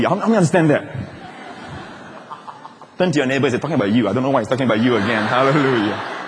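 A pastor, preaching a lively sermon with jokes and playful asides. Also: male voice, fairly high pitch, a little hiss or hum. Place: large church auditorium. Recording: long reverb of a large hall.

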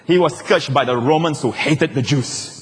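Male preacher, higher-pitched, dramatic sermon delivery with loud peaks and soft lows; echoing church hall. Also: normal speed. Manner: emphatic preaching with swelling, dramatic peaks and hushed drops. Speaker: pastor. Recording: hall reverb.

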